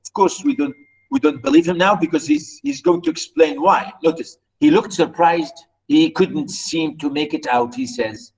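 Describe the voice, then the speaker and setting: A man's voice: fairly high pitch, animated, normal speed, a little mellow, distant mic, rough recording. A man lecturing on literature, who repeats and restarts phrases as he explains and points out British pronunciation.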